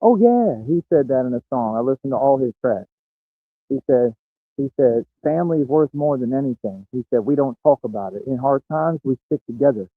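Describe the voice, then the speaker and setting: A brash man brags through a boastful livestream monologue and keeps laughing at his own lines. His voice sits at an ordinary middle pitch. The audio is tinny and phone-like, with a dry, close sound. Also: animated, brisk, no room sound. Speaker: streamer.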